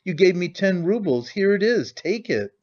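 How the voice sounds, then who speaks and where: A man's voice: sits high, big pitch swings, normal speed, darkish tone, pitched above the performer's own voice. A man reading an audiobook voices a meek young woman speaking in a frightened whisper. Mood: terrified. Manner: whispered, terrified. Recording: dull lo-fi recording.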